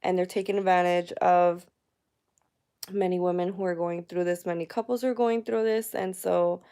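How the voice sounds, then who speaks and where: Candid gravelly-voiced woman vlogging. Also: lowish voice, fairly even intonation, normal speed, mellow. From United States. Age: 30s. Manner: candid, emotional, chatty with many fillers. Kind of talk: personal vlog talking to viewers. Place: at home.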